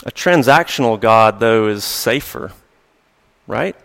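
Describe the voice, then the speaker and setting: A man's voice: fairly low pitch, animated, takes it slowly, gravelly, a bit bright, smooth. Man preaching in a reverberant hall. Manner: conversational, storytelling, with light chuckles. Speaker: pastor. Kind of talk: sermon. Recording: long reverb of a large hall.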